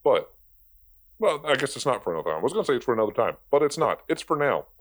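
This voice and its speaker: A young man speaks at an ordinary mid-range pitch, ranting with open exasperation. His delivery is sarcastic and casual, and he swears without a second thought. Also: sing-song, fast talker. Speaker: video commentator. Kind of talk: profane ranting commentary.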